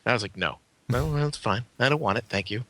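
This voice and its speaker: A man chatting on a podcast, bluntly telling stories with plenty of swearing. His pitch swings widely and his tone is bright. The sound is dry and close. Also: lively intonation, quick pace, no echo. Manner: blunt storyteller, swears freely, acts out quotes. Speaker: podcast co-host. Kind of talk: casual podcast chat.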